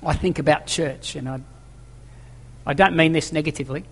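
A man's voice: fairly high pitch, moderate pace, creaky, a bit bright, slightly rough. A man preaching a sermon to his congregation in a church hall, emphatic, repeating key phrases and asking rhetorical questions. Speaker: pastor. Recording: long echoing church reverb.

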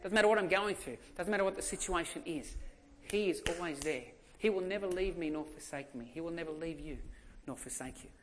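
A man's voice: fairly high pitch, fairly quick, a little hiss or hum. An Australian man preaching a sermon as a pastor, telling stories in a conversational way and repeating emphatic phrases.

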